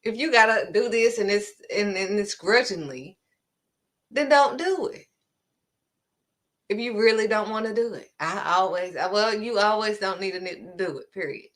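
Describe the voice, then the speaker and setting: A woman's voice: medium pitch, moderate pace, a bit bright. A woman giving an informal devotional message, emphatic and scolding, hammering her points home with short blunt words. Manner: informal, conversational preaching. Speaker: preacher.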